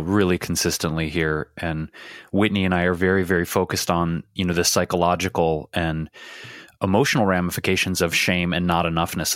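A man's voice: low-pitched, a bit bright, no echo, studio quality. A man co-hosting a podcast who speaks in long, rambling, reflective and effusive stretches. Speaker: podcast co-host. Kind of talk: casual conversation.

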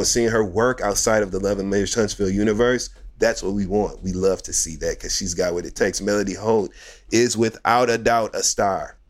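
A man as a podcast guest, giving emphatic, preachy opinions in casual chat. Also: fairly low pitch. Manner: emphatic, preachy pep-talk delivery.

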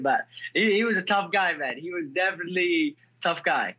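Excitable young man on a lo-fi line. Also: high-pitched, racing. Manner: excitable storyteller, many fillers and restarts. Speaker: fighter, guest. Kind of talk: casual interview.

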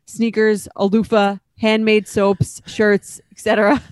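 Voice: medium pitch, level tone, measured pace, dry recording. A podcast co-host in casual chat, reading a listener email aloud with wry asides.

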